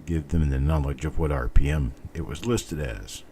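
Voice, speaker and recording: A man's voice: very deep voice, normal speed, warm tone. A middle-aged man hosting a live stream, chatting casually and thinking aloud as he goes. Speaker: host. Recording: faint background noise.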